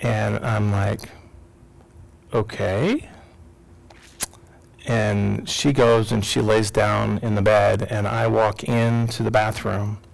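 Gravelly middle-aged man telling a story. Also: on the low side, rough recording. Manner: emotional, swings from loud to hushed. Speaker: teacher and psychologist. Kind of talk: personal story told to an audience.

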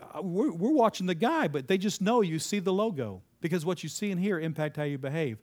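A man's voice: high-pitched, very animated, brisk, darkish tone. A man giving a conversational, sermon-style talk, asking the audience questions and repeating their answers, with sudden emphatic lifts. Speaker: speaker addressing a live audience.

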